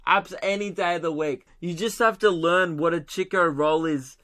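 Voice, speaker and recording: A man's voice: a little high, moderate pace, a bit bright. A young Australian man hosting a solo comedy podcast, ranting with swearing and laughing at his own jokes.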